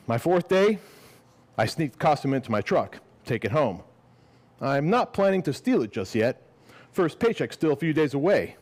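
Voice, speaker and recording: Brief: man reads his own short story live, lively swooping delivery, loose and profane between passages. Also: on the high side, normal speed, long pauses. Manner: lively and expressive, casual and swearing when speaking off the page. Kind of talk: live reading of fiction, then casual explanation. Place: gallery event before a live audience.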